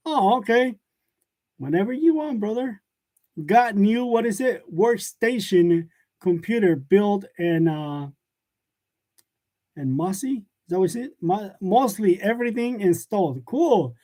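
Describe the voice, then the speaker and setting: Man, high voice, casual live-stream host, chatty, laughs a lot, lapel mic. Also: lively intonation, unhurried, a little mellow. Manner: chatty, laughs often, loose and joking. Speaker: live-stream host of a print shop channel. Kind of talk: casual live chat, reading comments aloud. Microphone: wireless lavalier.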